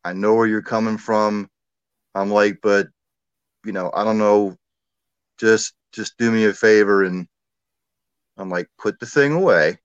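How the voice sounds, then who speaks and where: A man with a low voice tells a personal story in a loose, chatty way, full of asides and fillers. His voice is dry and close, with a dull, lo-fi sound. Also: unhurried, pauses often, clean tone, no echo. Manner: conversational, many fillers and asides. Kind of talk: casual storytelling.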